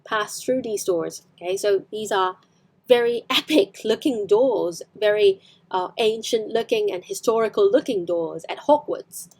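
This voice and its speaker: A woman's voice: mid-range voice, moderate pace, a little mellow. A woman with a Hong Kong accent teaching English online, explaining film scenes with frequent fillers and self-corrections.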